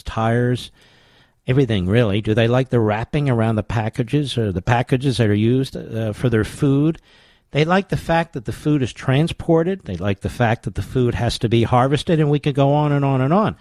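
A middle-aged man hosting a talk radio show, combative and emphatic, jumping up into sudden high exclamations. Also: moderate pace, a little mellow, no echo.

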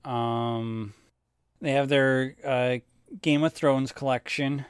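A man's voice: mid-range voice, steady tone, takes it slowly, clear, resonant tone, dry recording, studio quality. A man co-hosting a podcast, chatting casually and rambling through stories with plenty of swearing. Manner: rambling, swears freely when telling stories. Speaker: podcast co-host. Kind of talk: casual chat.

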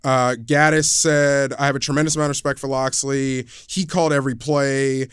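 A man's voice: mid-range voice, level tone, moderate pace, clear, resonant tone, no room sound. Guy on a sports podcast walking through the story, stumbles and restarts a lot, dry sound. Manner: hesitant restarts, recounting quotes. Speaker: sports talk co-host. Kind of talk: casual sports podcast debate.

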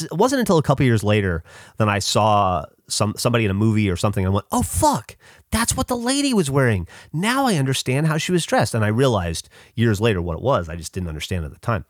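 A middle-aged man from the Southern United States hosting a podcast, telling a personal story in a halting, casual way with lots of fillers, restarts and swearing. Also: lowish voice, no room sound, studio quality. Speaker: podcast host.

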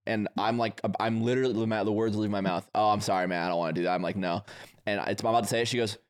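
Fast-talking young man telling stories. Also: lowish voice, fairly even intonation. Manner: rapid storytelling, acts out quotes. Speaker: podcast co-host. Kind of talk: casual chat.

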